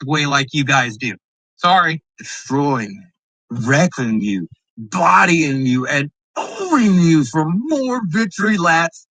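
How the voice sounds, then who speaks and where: A man with a high, bright, cutting voice tears into a rival as he reacts to a video. His talk is boastful and profane, and the sound is dry and close with almost no room around it. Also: sing-song, slow, dry recording, poor audio. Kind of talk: heated reaction commentary.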